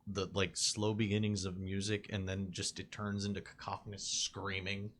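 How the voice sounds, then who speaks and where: A man's voice: deep voice, monotone, moderate pace, fairly bright tone. A man narrating as game master in a tabletop game, loose and casual with lots of fillers.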